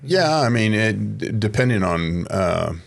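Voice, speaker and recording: A man with a very deep, gravelly voice co-hosts a casual podcast chat. He talks in a measured, reflective way. He uses many fillers as he thinks. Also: expressive. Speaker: podcast co-host.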